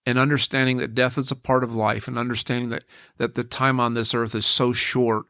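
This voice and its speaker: A middle-aged man with a gravelly, creaky voice speaks as a podcast guest, recorded dry and close with no room sound. He tells a personal story earnestly and reflectively, often restarting his sentences. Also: medium pitch, level tone, fairly quick, pushed and bright, dry recording.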